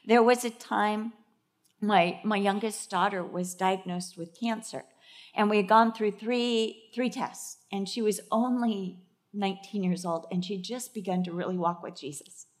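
A middle-aged woman preaching a sermon. She tells stories in an animated way and acts out the voices. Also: medium pitch, unhurried.

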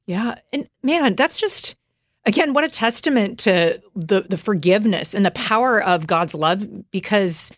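A woman's voice: mid-range voice, expressive, measured pace, no room sound, clean studio sound. A woman co-hosting a podcast, reflecting on the story in a casual, responsive way. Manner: reflective, responsive, laughs along. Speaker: podcast co-host. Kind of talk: casual chat.

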